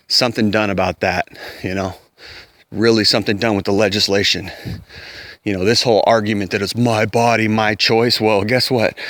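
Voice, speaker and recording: A man's voice: fairly low pitch, a bit bright, dry recording, clean studio sound. A man delivering a heated opinion rant to camera, emphatic and profane, often repeating words as he pushes his point. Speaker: vlogger.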